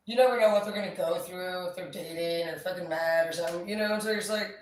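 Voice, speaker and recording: A woman's voice: lowish voice, fast. A woman vlogger talking casually and upbeat, swearing freely as she chats. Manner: chatty, profane, upbeat. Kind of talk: casual chat. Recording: echoey, distant mic, faint ambient noise.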